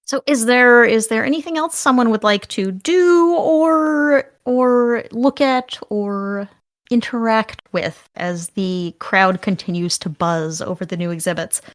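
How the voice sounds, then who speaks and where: A woman's voice: fairly high pitch, measured pace, no room sound. A woman running a tabletop game as game master, narrating scenes and explaining rules in a rambling, thinking-aloud way.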